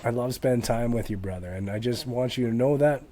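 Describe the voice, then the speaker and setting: A man hosting a podcast, talking in a warm, encouraging, casual way to his guest. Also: mid-range voice, fairly quick. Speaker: podcast host. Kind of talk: casual conversation.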